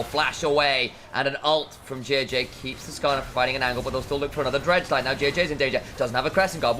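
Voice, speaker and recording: An English man giving live play-by-play on an esports match, energetic and playful. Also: medium pitch, slight background noise. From England. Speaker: esports commentator.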